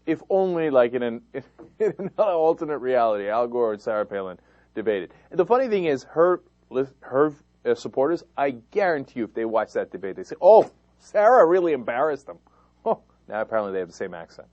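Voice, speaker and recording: Animated sarcastic male political commentator. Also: mid-range voice, brisk, no echo. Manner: sarcastic, slips into mocking quoted voices. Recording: dull lo-fi dry sound.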